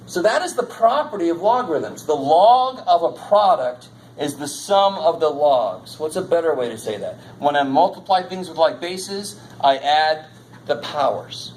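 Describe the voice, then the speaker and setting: A man's voice: a little high, animated, moderate pace, darkish tone, slight background noise, rough recording. A man teaching a college math class in a lecture, casual and jokey, swearing now and then. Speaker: math instructor.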